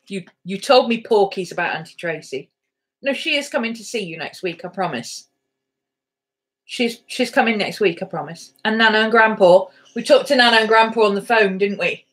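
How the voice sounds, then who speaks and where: A woman's voice: mid-range voice, expressive, moderate pace, a bit bright. A woman vlogger chatting casually to camera, rambling through a story and cooing baby talk at her dogs.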